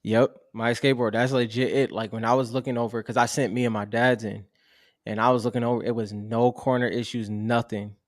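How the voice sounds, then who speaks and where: A young man co-hosting a relaxed chat about trading cards, laid-back and slangy. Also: mid-range voice, fairly quick, no echo, studio quality. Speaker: co-host of a card collecting show. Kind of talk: casual chat.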